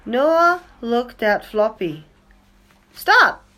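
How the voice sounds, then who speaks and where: A woman reads a picture-book story to young children. Her voice sits a little high and moves in wide, lively curves. She takes her time over every line. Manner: slow, clear, expressive reading. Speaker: storybook reader.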